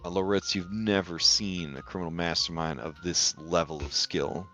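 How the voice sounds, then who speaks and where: Low-voiced laid-back game master. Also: male voice, fairly even intonation, normal speed, a bit bright, soft background music. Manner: laid-back, jokey, swears casually. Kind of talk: narrating a tabletop game.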